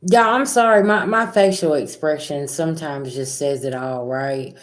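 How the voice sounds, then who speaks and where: A middle-aged woman, a spiritual reader talking casually and directly to her viewers in a rambling, animated way. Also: deep voice, moderate pace. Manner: animated, rambling, talks straight to viewers with asides. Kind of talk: casual direct-to-camera talk.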